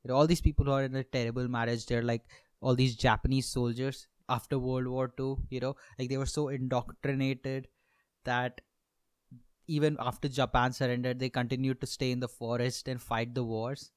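A man's voice: mid-range voice, flat delivery, normal speed, clean tone, no echo. A young man hosting a comedy podcast, rambling through a monologue with self-mocking asides and lots of swearing.

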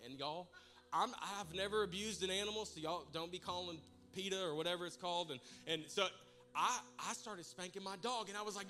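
A man preaching to his congregation, telling a comic personal story with animated, humorous delivery. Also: high voice, fairly quick. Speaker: pastor. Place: church service in a large room.

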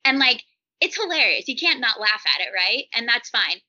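Bright, chatty woman in her thirties. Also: a little high, sing-song, normal speed, lo-fi sound. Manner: chatty, rambling, many "like" fillers. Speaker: interview guest. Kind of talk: casual podcast interview.

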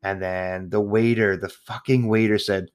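A man's voice: lowish voice, steady tone, measured pace. A man hosting a podcast, ranting casually about tipping with lots of swearing and rambling restarts. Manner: profane, exasperated, rambling with restarts. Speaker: podcast host.

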